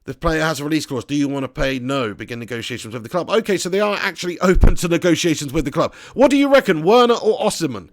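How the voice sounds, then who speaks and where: A man's voice: fairly high pitch, animated, quick pace, hardly any pauses, no room sound. A man streaming a football management game live, chatting casually and rambling, laughing as he reads the chat at home. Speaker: gaming streamer.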